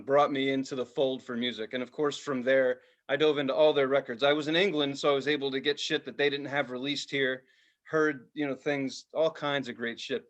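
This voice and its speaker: A man in his forties, co-hosting a casual podcast chat, telling stories with lots of swearing and acted-out quotes. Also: medium pitch. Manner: animated storyteller, swears freely, acts out quotes. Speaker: podcast co-host.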